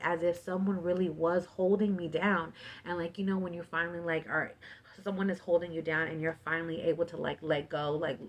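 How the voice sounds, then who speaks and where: A woman telling her own paranormal experience in a casual storytime vlog, filling her talk with "like" and acting out her past shouts and panic. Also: lowish voice. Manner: filler-heavy, animated retelling with "like".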